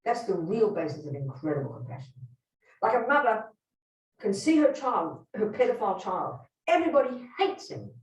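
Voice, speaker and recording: Animated, blunt woman teaching in a hall. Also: medium pitch, normal speed, distant mic. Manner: emphatic, blunt storytelling with direct questions to listeners. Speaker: Buddhist nun teaching a workshop. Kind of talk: teaching talk to a live group. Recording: roomy hall, speaker away from the mic.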